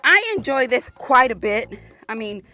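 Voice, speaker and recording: A firearms channel host records a casual vlog outdoors at a shooting range, a little out of breath in the humid heat. Her slightly high voice is sing-song, bright and forceful yet unhurried. She's chatty and exclamatory and calls her viewers "y'all."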